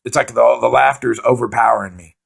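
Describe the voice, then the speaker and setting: Gravelly husky-voiced man telling stories. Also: mid-range voice, fairly quick. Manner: profane, excitable, acts out his own panic. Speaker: stand-up comedian. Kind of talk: rambling comic storytelling.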